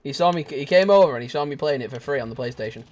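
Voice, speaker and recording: Excitable young man streaming games. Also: medium pitch, racing. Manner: excitable, shouts and laughs at the game; joking banter with chat. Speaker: gaming streamer. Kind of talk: live gameplay commentary.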